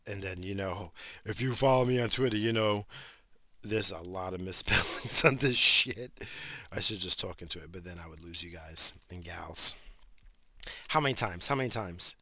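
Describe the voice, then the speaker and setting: Guy with a low raspy voice going off on a sweary rambling rant, bright tone. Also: moderate pace, no echo. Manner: crude, rambling, swears constantly. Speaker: podcast host. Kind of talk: casual profane rant.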